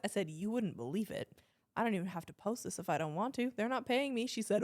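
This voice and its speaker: A woman's voice: mid-range voice, lively intonation, fast talker. A woman influencer from Canada, a podcast guest chatting casually, bubbly and laughing often as she tells stories. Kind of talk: casual chat.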